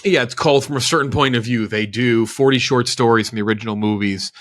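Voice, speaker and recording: A man's voice: medium pitch, fairly bright tone. A man co-hosting a movie podcast, talking eagerly with many restarts. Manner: enthusiastic, halting, restarts often. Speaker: podcast co-host. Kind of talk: casual chat.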